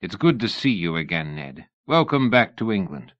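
An audiobook reader, a man, voicing a brisk, matter-of-fact male engineer in a dull lo-fi recording. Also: low-pitched, big pitch swings, a bit bright, no room sound. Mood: earnest.

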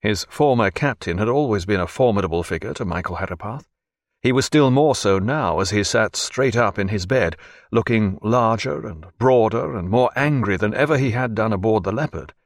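A male audiobook narrator with a low, expressive voice reads scripted narration. His storytelling is measured and expressive, recorded dry with clean studio sound.

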